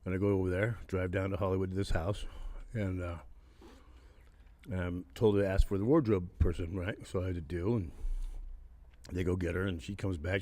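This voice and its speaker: A man's voice: low-pitched, steady tone, moderate pace, long pauses, mellow, dry recording. Swearing man in his sixties telling stories. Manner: profane, laughs through his stories. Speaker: podcast guest. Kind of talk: casual storytelling. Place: haunted attraction venue.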